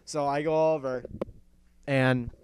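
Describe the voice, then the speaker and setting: A young man hosting a casual talk show, telling a story in an animated way, laughing and swearing often. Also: medium pitch, slow pace, clean tone, dry recording. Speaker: podcast host.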